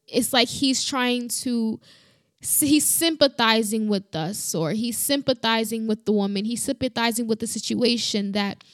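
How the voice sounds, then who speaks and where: A woman's voice: a little high, a bit bright, no echo, clean studio sound. Earnest woman reflecting on scripture. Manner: earnest, halting, many restarts and "you know". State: emotional. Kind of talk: personal Bible reflection.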